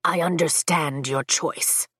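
A woman reading the part of a stern, commanding old male dragon in a storybook, her voice lowered and measured. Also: steady tone, fairly bright tone, slightly rough, dry recording, clean studio sound, heavily acted. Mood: cool. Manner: measured, authoritative.

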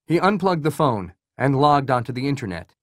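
A man reading a thriller audiobook as its narrator, in an even, measured way. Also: medium pitch, no room sound, studio quality.

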